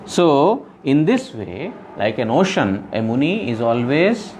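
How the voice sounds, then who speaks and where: A man's voice: medium pitch, very animated, takes it slowly, darkish tone, slight background noise. A man giving a devotional scripture lecture, explaining earnestly and repeating phrases with frequent "you know". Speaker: spiritual teacher.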